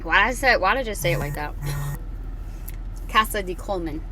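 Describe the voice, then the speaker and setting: A woman's voice: mid-range voice, lively intonation, rapid-fire, bright, forceful tone, a little hiss or hum. A woman in her thirties giving casual reaction commentary, blunt and mocking, reading live chat aloud. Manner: blunt, mocking, repeats short jabs.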